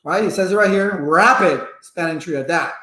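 A networking instructor leads a live-streamed lesson in a high, sharp voice at a moderate pace, with a roomy sound. He's chatty and repetitive, pausing to greet viewers in the chat.

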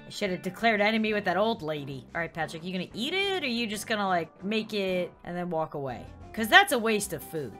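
Excitable young woman gaming YouTuber. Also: medium pitch, a little fast, hardly any pauses, faint music behind. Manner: excitable, shrieks in surprise. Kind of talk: Let's Play commentary.

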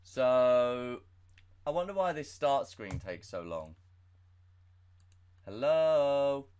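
A man's voice: mid-range voice, sing-song, slow pace, darkish tone, clean tone. A man hosting a horror game let's play, talking nervously, swearing a lot and mocking himself. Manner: nervous, profane, self-mocking. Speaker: gaming channel host.

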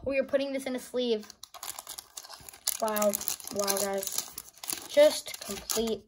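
Brief: high-pitched, unhurried woman, excitable unboxing vlogger recorded on a phone, gasps and talks to viewers. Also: background noise. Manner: excitable, gasping, keeps calling out to viewers. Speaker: YouTuber opening trading cards. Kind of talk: casual unboxing vlog. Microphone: phone on a charger.

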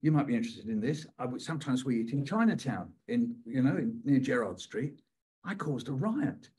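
An older man, a poet, telling stories and performing a poem with dramatic pauses. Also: medium pitch, animated, mellow, husky. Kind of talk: storytelling on a live online session.

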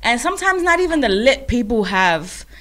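A woman's voice: a little high, big pitch swings, normal speed, a bit bright. A woman co-hosting a talk show, chatting in a loose, slangy, emphatic way. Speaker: co-host. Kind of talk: casual chat.

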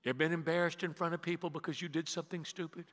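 A man preaching a sermon as pastor, telling the story dramatically, dropping from loud emphasis to hushed near-whispers and drawing the congregation into call-and-response. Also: fairly high pitch, little pitch movement, rapid-fire. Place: church sanctuary. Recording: long reverb of a church hall.

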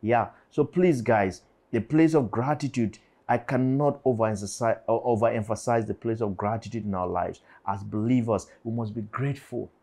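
A man's voice: fairly low pitch, moderate pace, few pauses, dark tone. A man in his forties preaching to teenagers, fervent and prayerful. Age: 40s. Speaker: youth pastor. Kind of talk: sermon.

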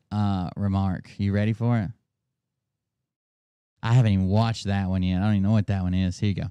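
A man's voice: on the low side, fairly even intonation, moderate pace, warm tone, clear, resonant tone, no echo. A man hosting a casual commentary show, rambling and mocking the clips he plays, talking into a close mic. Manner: rambling, mocking, laughs often. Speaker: host reacting to clips.

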